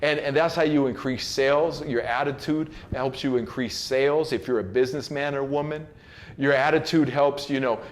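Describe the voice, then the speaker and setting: A man giving a casual motivational talk, loose and slangy with many fillers and restarts, now and then acting out other people's lines. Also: medium pitch. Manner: acts out quoted people in changed voices. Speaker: host giving a motivational message.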